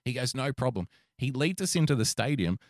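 A man spinning a rambling story on a podcast, swearing freely as he goes. His pitch swings widely and his delivery is animated. The sound is dry and close. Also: brisk, dry recording. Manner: profane, animated, rambling anecdotes. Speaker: podcast co-host. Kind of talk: casual storytelling chat.

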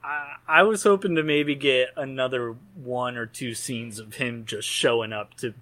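A man's voice: mid-range voice, normal speed, pushed and bright. A man co-hosting a casual movie podcast, rambling and joking as he talks through scenes. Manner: rambling, jokey, laughs at own lines. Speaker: podcast co-host. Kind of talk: casual film discussion.

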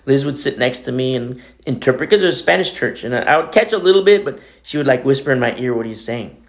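Gravelly-voiced man preaching conversationally. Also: medium pitch, expressive, quick pace. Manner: conversational preaching, sudden swings between loud and quiet. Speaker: pastor. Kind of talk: sermon.

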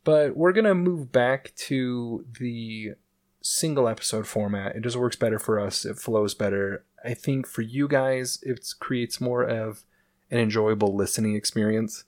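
A man's voice: mid-range voice, measured pace, a little mellow. A man hosting a casual podcast among friends. He rambles through his points with fillers and laughs often. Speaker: podcast host.

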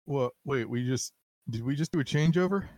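A man's voice: mid-range voice, expressive, normal speed, a little mellow, no echo. A man chatting casually as a player in a tabletop game, in a wry way. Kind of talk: casual play chat.

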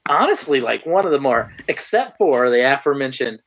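A man's voice: mid-range voice, very animated, fairly quick, heavy background noise. A man co-hosting a casual movie review podcast, talking in a rambling, sarcastic way with lots of swearing. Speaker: podcast co-host.

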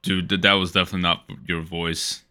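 A man's voice: low voice, flat delivery, fast, pushed and bright. A man co-hosting a podcast, teasing his partner in playful casual chat. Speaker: podcast co-host.

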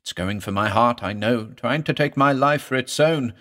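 A man's voice: mid-range voice, normal speed, bright, forceful tone, natural voice. A man doing a pleading, agonized patient. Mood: uneasy. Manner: pleading, strained. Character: frightened middle-aged male patient in agony.

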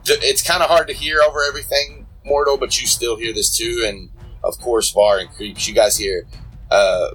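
A man narrating as game master, relaxed and chuckling, with plenty of fillers. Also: mid-range voice, normal speed, husky, faint music behind, low-quality recording.

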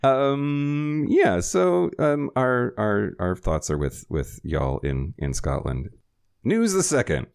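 A man's voice: lowish voice, slow, gravelly, few pauses, a little mellow, clear, resonant tone. A man hosting a podcast, reading out news stories in a casual way and dropping wry asides. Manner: reads news items with wry asides and laughs. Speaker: podcast host.

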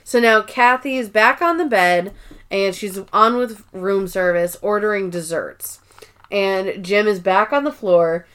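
A woman co-hosting a sibling podcast, retelling episode scenes in a casual, animated way and casually swearing. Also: mid-range voice, a little slow, clear, resonant tone. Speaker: podcast co-host. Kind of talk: casual recap chat.

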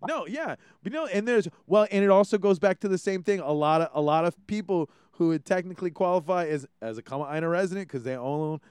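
A man from Hawaii, hosting a casual podcast chat in an animated, swearing way. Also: sits high, fast talker, few pauses, clear, resonant tone, dry recording, studio quality. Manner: animated, swearing, many restarts. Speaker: podcast host.

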